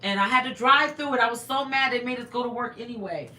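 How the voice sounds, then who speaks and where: A woman's voice: on the high side, fast talker, bright, forceful tone. A woman hosting a casual livestream, reading viewer comments and thanking them over and over, sounding a little congested. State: slightly congested. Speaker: livestream host. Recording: echoey room.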